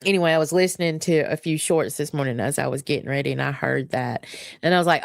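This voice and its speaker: A woman's voice: sits low, quick pace, gravelly, no echo, studio quality. A woman hosting a casual morning livestream, chatting to her viewers in a laid-back way. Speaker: livestream host.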